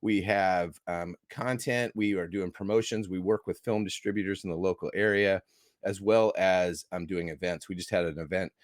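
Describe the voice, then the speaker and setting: Guest spot: American film critic, eager and talkative, lowish voice, dry close sound. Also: male voice, fairly even intonation, normal speed, no echo. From United States. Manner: enthusiastic, rambling with restarts. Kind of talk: casual interview talk.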